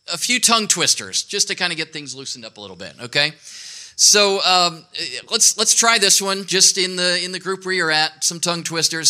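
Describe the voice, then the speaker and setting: A man's voice: fairly high pitch, pushed and bright. A man preaching outdoors to a congregation in a casual, joking way, with many fillers and restarts. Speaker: pastor. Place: outdoor church service.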